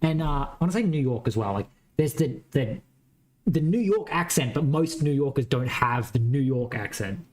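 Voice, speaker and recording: A man's voice: mid-range voice, animated, moderate pace, darkish tone. A man with a mild West Australian accent, a game developer chatting casually while coding, thinking aloud, rambling and swearing now and then. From Western Australia. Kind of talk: casual live-coding chat.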